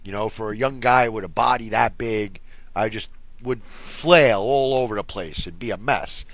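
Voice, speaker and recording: A man's voice: on the low side, moderate pace, dry recording, lo-fi sound. A man co-hosting a podcast, chatting casually and acting out his family members as he tells stories. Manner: animated storyteller, acts out family members. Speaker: podcast co-host. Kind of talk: casual chat.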